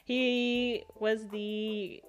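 A woman's voice: on the high side, little pitch movement, extremely slow, music in the background. A woman co-hosting a casual chat about a comic book, easygoing and agreeable, often laughing. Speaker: podcast co-host.

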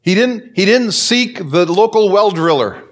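A man preaching a sermon as pastor, telling a story and acting out the quoted voices with big swings in pitch. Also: expressive, a little slow.

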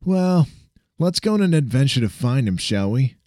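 A man's voice: medium pitch, very animated, normal speed, dark tone, no room sound, clean studio sound, voice pushed up, close to an everyday voice. A man reading a story aloud, voicing a sarcastic, playful young male roommate with a mocking, teasing drawl.

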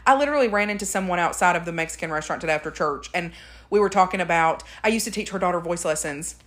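A woman's voice: on the low side, rapid-fire, a bit bright. Chatty woman podcast host. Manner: chatty storyteller, laughs often. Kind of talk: casual chat.

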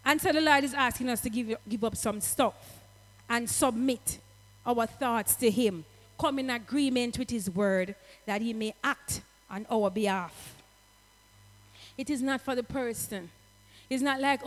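A woman preaching a sermon, dropping into patois and rising to shouts. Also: fairly high pitch, unhurried, in a large hall. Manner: impassioned, slips into patois, rises to shouts.

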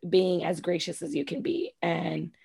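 A woman's voice: lowish voice, a little slow, vocal fry, slightly rough. A woman co-hosting a podcast, chatting casually and bluntly with lots of swearing while recapping a reality show. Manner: blunt, profane, animated retellings. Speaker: podcast co-host.

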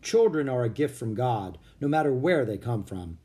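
A man's voice: medium pitch, sing-song, normal speed, warm tone, lightly acted. A man reading a storybook and voicing a friendly colonial governor who speaks in a courtly, old-fashioned way. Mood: warm.

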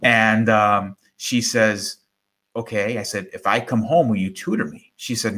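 Middle-aged guy, kinda low voice, telling a story animated, does little voices for people. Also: a little slow. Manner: animated, acts out quoted voices, repeats words. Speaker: guest. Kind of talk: conversational storytelling.

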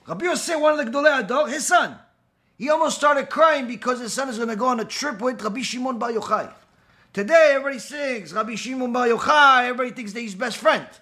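A man's voice: very high voice, bright, forceful tone. A man teaching a Torah class, retelling Talmud stories dramatically and acting out the characters' lines.

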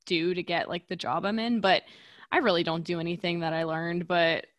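A woman's voice: lowish voice, steady tone, normal speed, no echo. A young woman hosting a casual interview, reacting with laughs and exclamations and asking easy questions. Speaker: host, interviewer.

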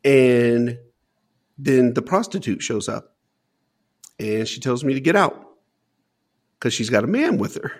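A man's voice: mid-range voice, very animated, unhurried, long pauses. A man as an interview guest, earnestly telling a personal story and often repeating words as he searches for them.

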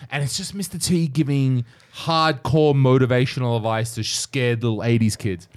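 A man's voice: mid-range voice, lively intonation, moderate pace, few pauses. A man co-hosting a podcast in rambling, jokey, casual chat with some swearing. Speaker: podcast co-host.

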